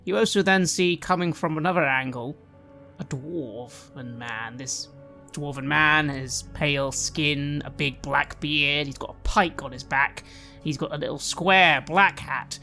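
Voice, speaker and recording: A man narrating a tabletop game as game master in a measured storytelling manner, with music behind. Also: a little high, pushed and bright.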